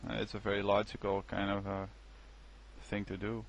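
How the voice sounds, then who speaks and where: Male interviewer, low gravelly voice, quiet sympathetic replies. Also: monotone, moderate pace, slight background noise. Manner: soft, brief, sympathetic interjections. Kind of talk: informal interview.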